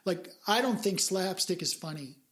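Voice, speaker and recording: A woman's voice: on the low side, expressive, moderate pace, fairly bright tone. Earnest, reflective woman podcast co-host. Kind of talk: casual podcast conversation.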